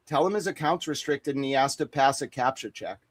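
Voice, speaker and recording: A man talking in a casual livestream, his pitch sitting mid-range and his voice dry and close to the mic. He rambles through boastful, profane jokes, piling one riff on the next. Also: fairly quick, dry recording. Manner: boastful, profane, joking riffs. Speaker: guest on a boxing talk stream.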